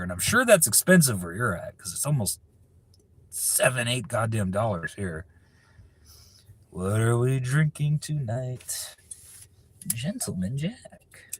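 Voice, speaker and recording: Male streamer from California, low husky voice, loose and profane, reads chat aloud and riffs on it. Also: no echo. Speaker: livestreamer answering viewer chat. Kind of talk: casual live-stream chat.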